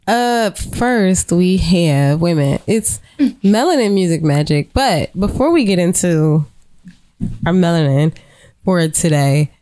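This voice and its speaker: A woman's voice: on the low side, lively intonation, a little slow, warm tone, no room sound. A woman co-hosting a podcast in a studio, chatting in an emphatic, teasing way. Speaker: podcast co-host. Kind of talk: casual chat.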